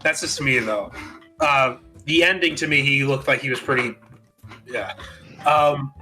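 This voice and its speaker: A man's voice: mid-range voice, a little slow, music in the background. A man co-hosting a casual podcast, hesitant and often restarting his sentences. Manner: hesitant, restarts and searches for words. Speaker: podcast co-host.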